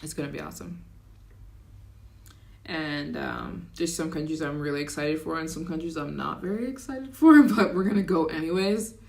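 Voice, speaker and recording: A woman hosting a travel livestream reads out donations and responds to viewers in casual, rambling chat, sometimes adopting a put-on accent. Her slightly low voice is creaky and darkish in tone, and she speaks easily at a moderate pace.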